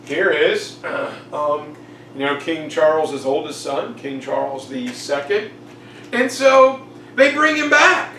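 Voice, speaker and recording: A man's voice: fairly high pitch, lively intonation, takes it slowly, sharp tone, echoey room, far from the mic, slight background noise, poor audio. A man teaching a casual exam review, jokey and chatty, acting out quotes. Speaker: history teacher.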